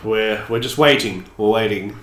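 A man's voice: fairly low pitch, moderate pace, a bit bright, a little hiss or hum. An Australian man co-hosting a podcast, ranting with sarcasm in casual chat. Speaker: podcast co-host. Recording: echoey room.

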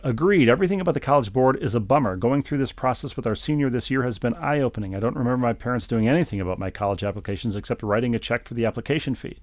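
A man's voice: mid-range voice, dry recording. A man co-hosting a podcast, reading listener emails aloud with dry, wry asides in casual chat.

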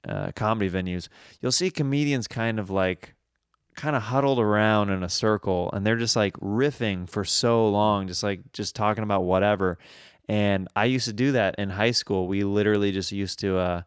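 Laid-back low-voiced male podcast host. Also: moderate pace, clean tone, no echo, studio quality. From Kansas. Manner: rambling, laughs often, many fillers. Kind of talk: casual podcast chat.

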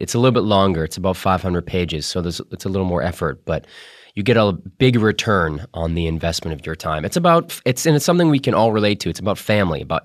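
A podcast host with a very low voice talks in a loose, rambling monologue, full of ums and restarts. His throat sounds a little rough from a cold. The recording is dry and close, with no room sound. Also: dry recording. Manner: chatty, rambling with many fillers and restarts. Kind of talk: casual monologue.

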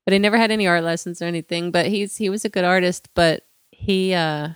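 A woman's voice: fairly low pitch, fairly even intonation, quick pace, clear, resonant tone, no echo, studio quality. A woman co-hosting a podcast in casual chat, rambling and chatty with lots of fillers. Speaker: podcast co-host.

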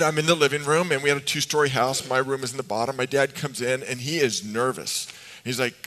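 A middle-aged male pastor delivers a sermon in a church sanctuary, his voice trailing into a long hall reverb. He preaches like a chatty storyteller, mixing in humor and questions for the congregation. His voice sits at an ordinary male pitch. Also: fairly even intonation, brisk, pushed and bright.

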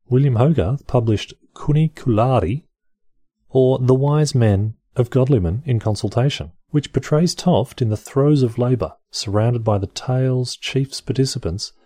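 A warm, mid-range male voice comes through in a dry recording. He's the host of a show reading encyclopedia articles aloud in a casual way, dropping offhand asides that are dry, wry, and mildly profane.

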